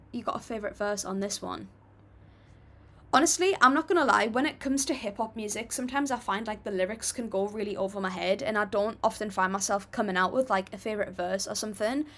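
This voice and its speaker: A woman's voice: mid-range voice, fairly quick, fairly bright tone. A young British woman hosting a livestream, casually reading viewer comments aloud and answering them in a friendly, chatty way. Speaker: livestream host reacting to music.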